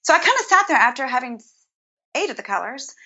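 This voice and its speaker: Earnest thirties woman guest, bright tone, slightly muffled recording. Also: high-pitched, big pitch swings, fast. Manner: earnest, heartfelt, storytelling with soft restarts. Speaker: podcast guest, creator of a Bible study method. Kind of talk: casual conversational interview.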